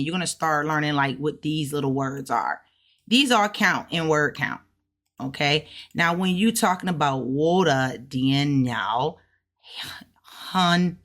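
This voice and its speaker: Teaching herself Mandarin in a relaxed session, this woman speaks low with a fairly bright tone. Each syllable gets sounded out and repeated several times, and she thinks aloud when doubting her own pronunciation.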